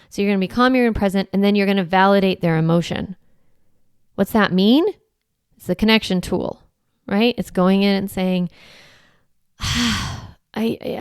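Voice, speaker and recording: A woman hosting a parenting podcast, explaining calmly and acting out gentle phrases to say to an upset child. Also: medium pitch, clear, resonant tone, no echo, studio quality. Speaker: parenting podcast host and coach. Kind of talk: instructional podcast monologue.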